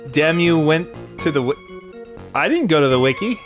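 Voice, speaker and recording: Easygoing let's-play host, man, laughs a lot, lively pitch, game music behind. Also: normal speed. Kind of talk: casual gameplay commentary.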